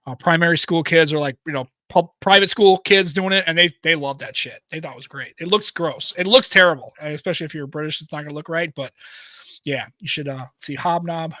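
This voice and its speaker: A man's voice: fairly high pitch, brisk, pushed and bright, no echo. An American man in his thirties co-hosting a podcast, chatting loosely, joking and swearing freely. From United States. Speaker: podcast co-host. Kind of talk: casual chat.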